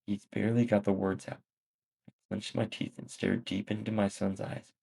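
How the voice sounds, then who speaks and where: A man reads a first-person story aloud in a plain, steady way, stumbling now and then. His voice sits low and has a gravelly edge. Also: moderate pace, poor audio. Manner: plain first-person reading with small slips. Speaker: story narrator.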